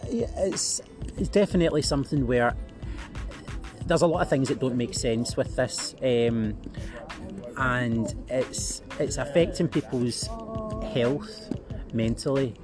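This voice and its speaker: A man's voice: medium pitch, measured pace, pauses often, over music. A man, a podcast guest, talking bluntly and rambling in casual chat, with frequent laughs and restarts.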